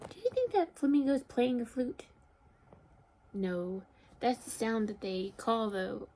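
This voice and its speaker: A female teacher reads a picture book aloud to young children in a sing-song storybook voice, a little slowly. She lets out high, excited calls and asks gentle, encouraging questions.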